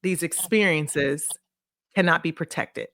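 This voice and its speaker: A woman guest on a podcast, telling personal stories in a casual, animated way and acting out remembered dialogue. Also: low-pitched, slow pace, dry recording, studio quality. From Illinois, USA. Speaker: podcast guest, consulting firm CEO. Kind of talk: casual interview storytelling.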